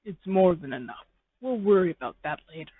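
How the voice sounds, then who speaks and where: A narrator voicing a creepy, teasing young man who talks low and bossy in a fan fiction reading. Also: lively intonation, fairly quick, breathy edge, no echo. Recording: tinny phone-like dry sound.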